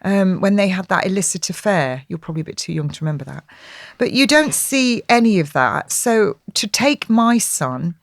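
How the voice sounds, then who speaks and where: A woman's voice: medium pitch, expressive, normal speed, no echo, clean studio sound. A middle-aged woman speaking emphatically as an interview guest, repeating herself with frequent ums and restarts. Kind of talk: conversational interview.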